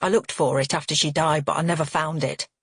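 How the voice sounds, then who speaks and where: A woman voicing an elderly father with dementia who demands answers, snaps, then drifts into slow confusion. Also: sits low, steady tone, a bit bright, breathy edge, dry recording, clean studio sound. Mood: insistent.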